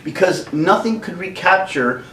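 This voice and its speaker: Animated man ranting. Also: high voice, measured pace, slight background noise. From Canada. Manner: animated, laughs often, acts out quotes. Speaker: vlogger. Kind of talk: casual rant. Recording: roomy, distant mic.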